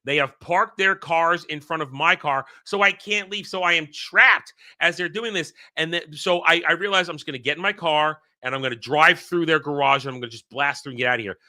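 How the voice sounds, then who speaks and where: Bright, tense-voiced man ranting. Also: on the high side, fairly quick, few pauses. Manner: rambling, heated storytelling with frequent restarts. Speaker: channel host. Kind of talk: casual solo monologue recounting a dream.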